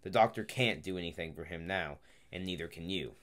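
A man's voice: sits low, brisk, fairly bright tone. A man reading the part of a hardened camp block leader giving blunt advice. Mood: stern. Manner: blunt, lecturing.

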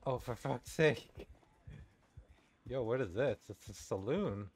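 A man's voice: medium pitch, animated, slow, a little mellow, breathy edge. A man giving let's-play commentary, reacting nervously to a game and swearing when things go wrong. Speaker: gaming YouTuber. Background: faint game music.

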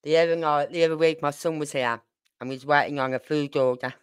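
A woman's voice: sits low, fairly even intonation, brisk, clear, resonant tone, no echo. Older brummie lady rambling on a livestream, dry close sound, gets fed up easy. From Birmingham, England. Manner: chatty and rambling, with exasperated asides. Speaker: true crime livestream host. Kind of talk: casual chat.

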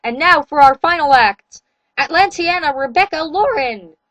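A woman voicing an excitable male school principal making an announcement. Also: high-pitched, normal speed, dry recording, voice pushed up. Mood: announcing. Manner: announcing, ecstatic.

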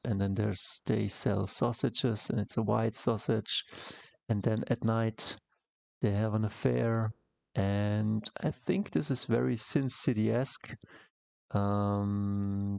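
Low gravelly man rambling through a comic tutorial. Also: darkish tone, no echo. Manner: rambling, halting, many fillers and restarts. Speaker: comic artist teaching. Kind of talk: casual tutorial narration over artwork.

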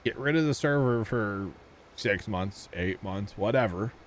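A man with a lowish voice talks easily over a farming game, rambling through his plans and chores. A faint hiss sits under the voice. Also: unhurried. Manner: laid-back, rambling. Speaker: streamer. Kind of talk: casual gaming stream chat.

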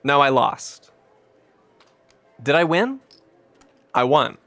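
Young man, from Scotland, live-stream gamer, chatty and wry, fairly high voice. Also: big pitch swings, takes it slowly, fairly bright tone. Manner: joking banter with chat, reacting to wins and losses. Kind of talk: casual live-stream gaming chat.

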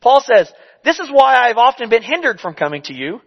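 A man's voice: very high voice, sing-song, brisk, dull audio. A man preaching a sermon in a conversational, storytelling way with emphatic repetition.

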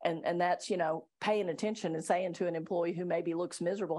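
A woman's voice: on the low side, fairly even intonation, brisk, a little mellow. Chatty middle-aged woman leading staff training. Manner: chatty, self-deprecating, laughs often. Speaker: workplace trainer and attorney. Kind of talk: live training talk to staff. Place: meeting room with live audience.

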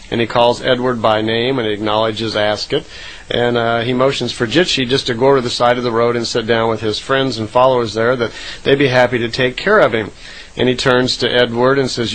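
A man's voice: medium pitch, steady tone, fairly quick, a bit bright, rough recording. A man casually retelling a recorded account, rambling with frequent "uh" fillers and self-corrections.

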